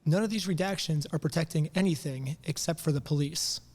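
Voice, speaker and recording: A sick man talking to the camera in a weak, quiet, near-whispered voice, making a pointed, argumentative commentary. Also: on the high side, fairly quick. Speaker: video creator.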